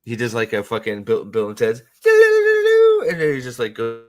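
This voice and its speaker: A man's voice: fairly low pitch, quick pace, faint music behind. A man hosting casual fan commentary, rambling and profane, and often cutting himself off mid-thought. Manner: rambling, profane, self-interrupting. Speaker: host.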